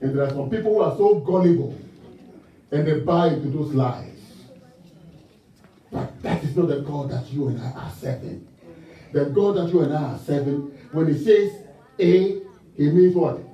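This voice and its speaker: A man from Ghana preaching a sermon in an animated way, asking the congregation call-and-response questions and laughing along with his own stories. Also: on the high side, normal speed, long pauses, a little hiss or hum. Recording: distant mic in a reverberant church hall, muffled.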